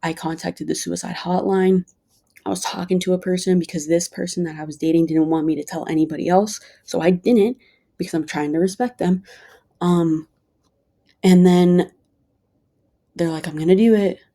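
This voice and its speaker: Woman vlogger, vocal fry, dark mellow tone, earnest rambling chat. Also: on the low side, fairly even intonation, moderate pace, long pauses. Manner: earnest, rambling, heavy use of "like". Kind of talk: casual personal vent vlog.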